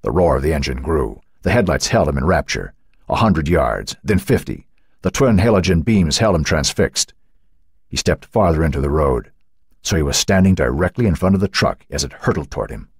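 A man with a deep, husky voice narrates a novel in a dramatic, suspenseful manner. His pitch moves widely as the tension builds. The sound is dry and close. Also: animated, moderate pace, no echo. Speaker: audiobook narrator. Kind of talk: scripted audiobook narration.

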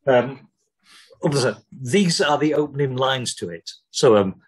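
A man's voice: mid-range voice, expressive, measured pace, breathy edge, rough recording. A man co-hosting a podcast, rambling and joking with lots of swearing and ums. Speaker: podcast co-host. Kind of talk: casual chat.

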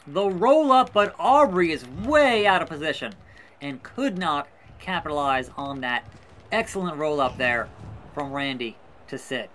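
A man's voice: fairly high pitch, animated, a little slow, fairly bright tone, a little hiss or hum. A man giving casual gameplay commentary, calling a wrestling match in a mock play-by-play style with sarcastic asides. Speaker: gaming YouTuber. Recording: faint music behind.

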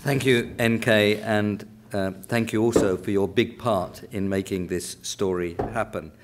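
A man in his sixties with a West London accent speaks in a fairly low voice. He lectures deliberately, restating key phrases and pausing on fillers as he explains. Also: fairly even intonation, noisy background. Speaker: panel chair. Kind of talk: academic lecture. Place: lecture theatre.

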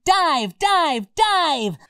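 A woman's voice: medium pitch, big pitch swings, extremely slow, no room sound, clean studio sound. A woman voicing a cheerful, playful dog in a children's educational show, bubbly and giggly. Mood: excited.

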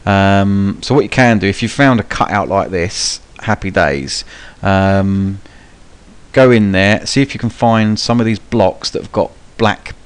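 A gaming channel host, a young man, offers live, loose commentary on a gameplay tutorial, dropping frequent ums and the odd cheeky swear. His voice is smooth and on the low side, at a measured pace.

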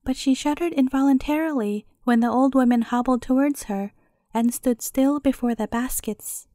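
High-voiced woman reading a bedtime story. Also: moderate pace, mellow, no room sound, clean studio sound.

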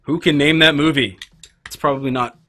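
This livestream host chats casually from his home workbench, muttering to himself, rambling and poking fun at himself while he tinkers. He speaks a little fast in a fairly high, steady voice that sounds pushed and bright, over a slight hiss or hum.

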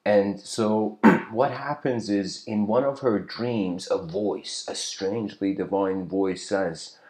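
A man giving a casual spiritual lecture, rambling, with frequent "you know"s and throat-clearing. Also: on the low side, slow, a little mellow.

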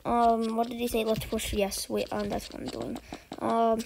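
A woman giving casual, excitable commentary while playing an online game, chatty and eager. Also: a little high, normal speed, vocal fry, slight background noise. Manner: chatty and excitable, urging opponents on. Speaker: gaming channel host.

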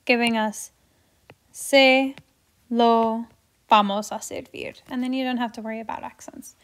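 Woman teaching spanish grammar, slowish and playful, bit higher voice. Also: steady tone. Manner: playful, chatty, with asides and small exclamations. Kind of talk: explaining grammar while writing on a board.

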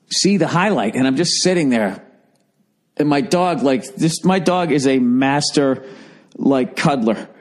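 A man's voice: medium pitch, darkish tone. A man in his forties with a Boston accent, hosting a solo podcast in a profane, rambling comedic rant. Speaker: podcast host.

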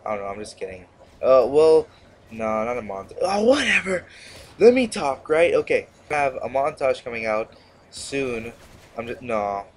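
A man's voice: medium pitch, normal speed, slight background noise. Rambling, sarcastic young male gamer. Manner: rambling, sarcastic, self-interrupting. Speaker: gaming commentator. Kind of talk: casual gameplay commentary.

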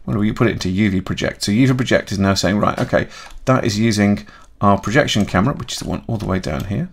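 A man talking through a software tutorial in a chatty way, thinking aloud and correcting himself as he goes. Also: fairly low pitch, quick pace, vocal fry. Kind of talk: screen-recorded software tutorial.

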